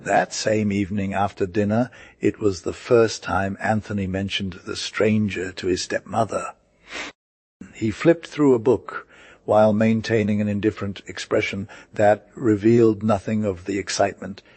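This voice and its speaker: Low-voiced male audiobook narrator. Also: fairly even intonation, a little slow, darkish tone, slightly rough, no room sound.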